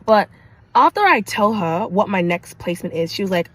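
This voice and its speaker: A young woman from Kenya, a nurse, telling a personal story to camera in an animated, emphatic way, with repetition and vocal sound effects. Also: a little high, moderate pace, rough recording. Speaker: nurse sharing her story.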